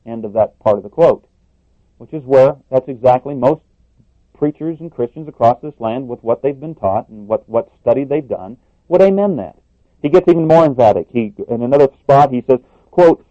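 A man's voice: medium pitch, animated, moderate pace, warm tone, dry recording. Emphatic male preacher, muffled dry recording. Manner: emphatic, repeats words, rises on questions. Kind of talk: sermon.

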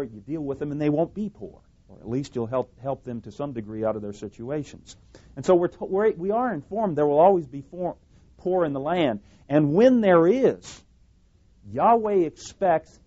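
A man's voice: on the high side, lively intonation, normal speed, mellow. A man preaching a sermon, speaking emphatically, repeating phrases and correcting himself as he goes. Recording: dull lo-fi recording.

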